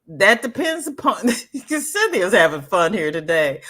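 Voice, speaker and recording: A woman's voice: mid-range voice, big pitch swings, a little slow, hardly any pauses, fairly bright tone. Sassy older woman chatting on a livestream. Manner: sassy, emphatic, repeats herself. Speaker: livestream host. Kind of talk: casual chat with live viewers.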